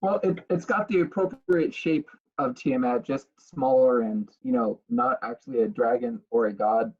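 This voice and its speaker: A man's voice: mid-range voice, big pitch swings, normal speed, a little mellow, slightly rough. A man playing in a tabletop game, speaking in dry, plain statements over a muffled microphone. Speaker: player. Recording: dull, muffled mic.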